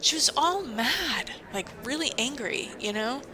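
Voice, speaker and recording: A woman's voice: high-pitched, expressive, unhurried, crowd noise, poor audio. A woman who works at a university, venting in a casual vlog and telling her story in an indignant, emphatic way. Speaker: university staff member.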